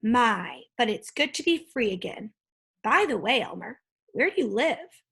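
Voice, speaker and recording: A woman reading aloud, voicing a grateful, gentle male dragon who is a little anxious, speaking politely. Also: on the high side, big pitch swings, measured pace, breathy edge, exaggerated voice.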